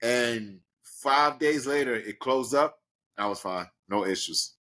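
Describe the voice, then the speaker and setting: A man from Brooklyn tells a story as an interview guest. His voice sits at an ordinary middle pitch, but he is animated and acts out the people in his story with sudden high leaps. His delivery is casual and conversational. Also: slow. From Brooklyn, New York. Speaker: guest, professional wrestler.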